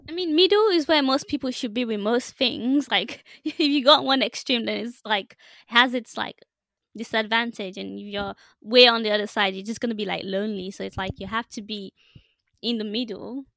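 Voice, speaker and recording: A young woman in her twenties shares her view on a podcast in a fairly high voice. She sounds easygoing and thinks aloud. The sound is close and dry. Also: moderate pace, vocal fry, fairly bright tone, dry recording. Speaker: podcast co-host. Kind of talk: casual chat.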